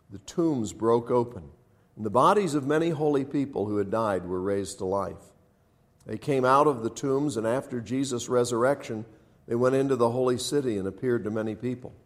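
A man reading scripture aloud in a measured, dramatic way, lifting his voice for quoted speech. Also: lowish voice. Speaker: scripture reader.

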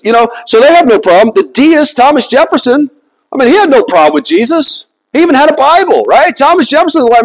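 Guy preaching, kinda high voice, chatty and emphatic, keeps asking the crowd stuff. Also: very animated, fast talker, low-quality recording. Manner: conversational, emphatic, asks the congregation rhetorical questions. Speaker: pastor. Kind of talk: sermon.

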